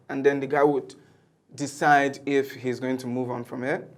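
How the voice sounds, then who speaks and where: A man's voice: medium pitch, moderate pace. A man appearing as a talk show guest, speaking animatedly and laughing as he talks. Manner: animated, laughs while talking. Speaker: guest, media personality. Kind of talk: casual studio discussion.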